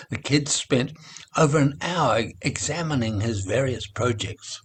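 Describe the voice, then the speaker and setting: An older man with a New Zealand accent reads a children's story aloud. His voice is very husky and breathy, at a middle pitch for a man. He reads at a measured pace and drops almost to a whisper in the sad parts. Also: a bit bright. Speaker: storybook reader.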